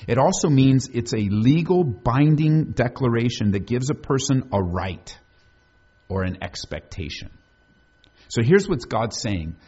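A man's voice: mid-range voice, animated, measured pace, mellow, husky, lo-fi sound. Man preaching a conversational sermon. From United States. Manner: conversational, asks the congregation questions. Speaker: pastor.

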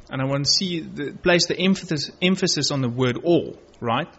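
A man's voice: fairly high pitch, moderate pace, few pauses, a bit bright. A man preaching a sermon, reading Bible verses aloud and earnestly stressing key words. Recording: dull lo-fi recording.

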